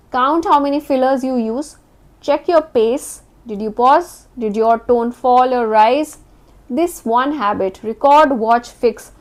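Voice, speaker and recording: A woman coach delivers a scripted lesson with a slightly high voice. Her phrasing is measured and emphatic. She lands each statement with a firm falling tone. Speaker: interview communication coach. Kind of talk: scripted instructional talk.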